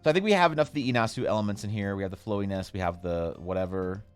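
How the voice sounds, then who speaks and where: A man with a fairly low voice runs a casual drawing livestream and banters with his chat. He jokes in mock outrage and now and then bursts out loud. Soft music plays faintly behind him. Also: very fast. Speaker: artist streaming while drawing.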